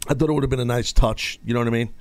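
A man's voice: mid-range voice, fairly even intonation, very fast, no echo, soft background music. A male radio show host in casual sports talk, rambling and stop-start as he takes calls.

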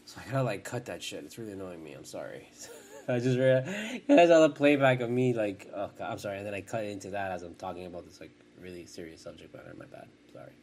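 40s guy on a podcast, lowish voice, swears a ton, rambles and trips over himself, bit of faint hiss. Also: lively intonation, fast, darkish tone. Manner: profane, rambling, self-interrupting. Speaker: podcast host. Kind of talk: casual rambling chat.

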